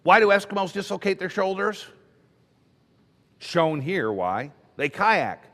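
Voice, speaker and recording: A man's voice: high-pitched, big pitch swings, a little slow, pushed and bright, long reverb tail. A man teaching emergency medicine at a conference, talking in a loose, conversational way and telling stories with acted quotes. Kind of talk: conference lecture.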